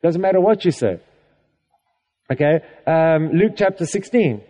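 Guy preaching, high mellow voice, chatty with lots of "okay?", big echoey church hall. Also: lively intonation, a little slow. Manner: conversational, with laughs and frequent "okay?" check-ins to the congregation. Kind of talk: sermon.

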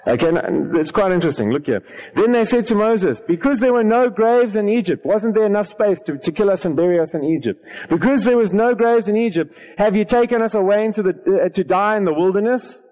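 High-voiced preacher in a reverberant hall. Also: male voice, lively intonation, brisk, a little mellow. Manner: repeats words, reads scripture aloud with asides. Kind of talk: sermon.

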